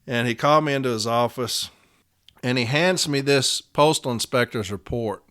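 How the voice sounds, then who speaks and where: Emphatic man with a bright voice. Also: mid-range voice, normal speed, smooth. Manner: emphatic, repetitive, preacher-like cadence; swings between loud declarations and quiet storytelling. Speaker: union steward and podcast host. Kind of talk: impassioned monologue.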